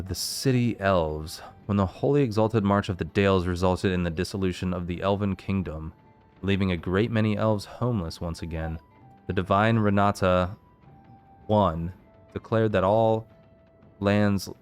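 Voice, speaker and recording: A man with a low, smooth, resonant voice reads fantasy game lore aloud as a let's play host. He keeps a steady reading pace and pauses to work out the pronunciation of unfamiliar names, with game music faint behind him.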